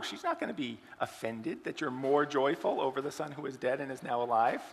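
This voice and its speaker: A man's voice: a little high, animated, moderate pace, gravelly, few pauses, a bit bright, big-room sound. A man giving a sermon, telling an illustrative story and asking the congregation questions. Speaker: preacher.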